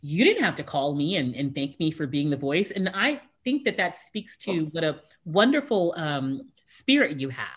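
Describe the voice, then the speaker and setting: A woman hosting an interview, excitably telling a story and acting out her own reactions with frequent laughs. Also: sits low, moderate pace, hardly any pauses, slightly rough. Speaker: talk show host, voiceover artist. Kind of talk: casual interview chat.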